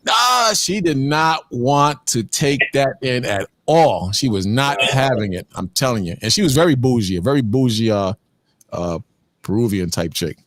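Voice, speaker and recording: A man's voice: mid-range voice, normal speed, dry recording. A man in a casual religious discussion, telling stories in an emphatic way. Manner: animated storytelling, emphatic.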